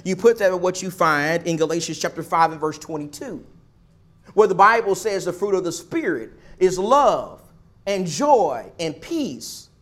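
High-voiced preacher building emphatic repetitions. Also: male voice, animated, a little slow. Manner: swings between loud pushes and soft asides. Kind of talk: sermon.

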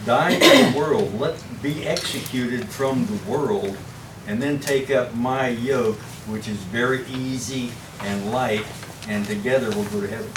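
A man's voice: medium pitch, a little slow. Man, earnest and preachy, Bible class member, distant, echoey room, noisy. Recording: echoey room recorded from afar with background noise.

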